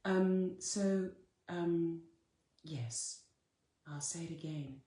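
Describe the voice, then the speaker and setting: A spiritual coach gives a live-streamed motivational talk in a warm, lowish voice, speaking extremely slowly with long pauses in a reverberant space. She is earnest and direct, repeating her key phrases to listeners.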